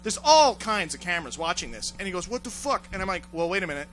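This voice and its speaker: A man hosting a talk show, telling crude stories loudly with lots of swearing and laughter, often acting out voices. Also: high voice, very animated, fast talker, soft background music. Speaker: show host. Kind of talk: crude comedic storytelling banter.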